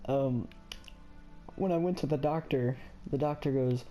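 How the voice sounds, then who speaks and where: A man's voice: medium pitch, moderate pace, warm tone, faint music behind. A young man casually telling a funny childhood story, rambling with lots of fillers and laughing often.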